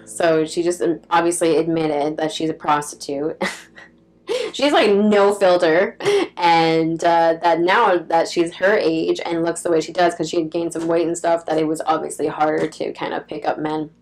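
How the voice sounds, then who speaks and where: A woman's voice: sits low, steady tone, normal speed, poor audio. A young adult woman telling a personal story in casual, rambling vlog talk, full of "like" fillers and blunt swearing. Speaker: vlogger.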